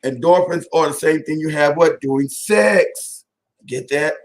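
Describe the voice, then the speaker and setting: A man's voice: a little high, measured pace. A man giving a casual talk to an audience, telling jokey, profane stories full of restarts and asides, and calling his listeners family. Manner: keeps addressing the audience as family. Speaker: speaker at a community talk.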